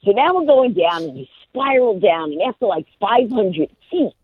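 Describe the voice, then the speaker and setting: A woman guest telling a story on a radio show in a lively way, acting out the people in it, over a phone line. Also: a little high, moderate pace, breathy edge. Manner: lively, acts out every character. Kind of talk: animated storytelling on a radio call-in.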